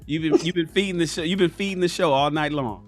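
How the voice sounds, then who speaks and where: An animated male livestream host whose voice sits fairly high, emphatic and profane as he lectures his viewers directly. Faint music runs underneath. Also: quick pace. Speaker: livestream talk show host. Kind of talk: casual livestream commentary.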